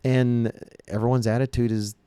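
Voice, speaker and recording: A man's voice: mid-range voice, level tone, moderate pace, warm tone, clear, resonant tone, no room sound. A man hosting a podcast in casual chat, earnest and rambling, often restarting his sentences. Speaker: podcast host.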